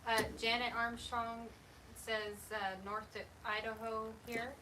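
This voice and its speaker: A woman's voice: on the high side, monotone, a little slow, sharp tone. A woman reading viewer comments aloud in a hesitant way with filler words, heard off-mic. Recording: distant off-mic voice with faint room noise.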